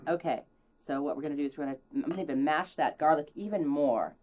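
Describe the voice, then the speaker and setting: A woman's voice: fast talker, darkish tone, lo-fi sound, a little hiss or hum. Playful woman hosting a cooking show. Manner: theatrical, playful, bursts into high exclamations; sprinkles in mock French phrases. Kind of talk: casual cooking demonstration.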